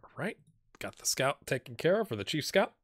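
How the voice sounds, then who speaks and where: A man's voice: fairly high pitch, very animated, a little fast, slightly rough, no room sound, clean studio sound. A man giving casual, chatty commentary while streaming a management game, talking to himself as he plays.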